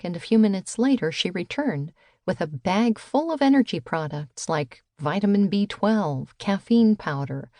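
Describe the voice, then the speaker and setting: Low-voiced woman narrating an audiobook. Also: no room sound, clean studio sound. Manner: lively storytelling, voices the quotes.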